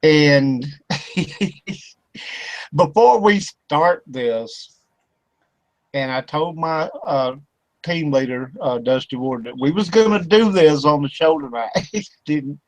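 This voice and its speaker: A man's voice: a little high, slow, pauses often, dry recording, poor audio. A man hosting an internet radio talk show. He tells a rambling story with lots of fillers and laughter. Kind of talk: casual chat. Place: home studio for internet radio.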